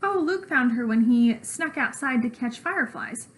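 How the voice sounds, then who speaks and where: A woman's voice: on the high side, expressive, normal speed, lightly acted. A woman voicing a worried older sister, a young girl, in a storybook read-aloud. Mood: plaintive.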